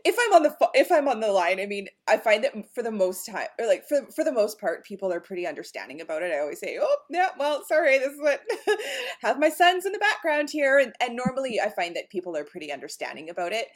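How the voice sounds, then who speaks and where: Thirties woman, lively pitch, a little husky, casual and laughing. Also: fast talker. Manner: animated, laughs often, acts out her kids. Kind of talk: casual chat.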